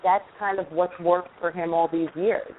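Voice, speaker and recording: A deep-voiced woman with a New York accent makes her points emphatically and insistently. Her voice comes through a tinny, phone-like line. A faint hiss sits beneath it. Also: steady tone, moderate pace. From Queens, New York. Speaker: recruiting panelist. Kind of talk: casual panel discussion.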